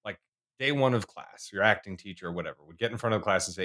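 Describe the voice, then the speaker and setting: A man's voice: fairly low pitch, fast talker, bright, forceful tone. A man hosting a podcast, chatting casually with a guest and laughing along. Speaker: podcast host. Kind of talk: casual interview chat.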